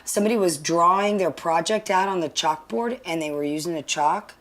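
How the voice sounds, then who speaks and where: A woman's voice: lowish voice, a little fast. A woman chatting casually, rambling and reflecting as she searches for words. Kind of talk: casual chat.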